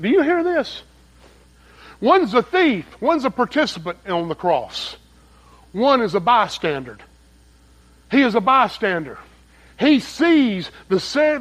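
A man preaching a sermon as pastor, swinging between loud, emphatic peaks and hushed, low asides. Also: rough recording. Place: church sanctuary.

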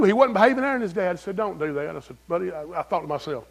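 A man preaching a sermon as pastor, folksy and animated, asking the congregation questions. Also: high-pitched, fast, creaky, few pauses.

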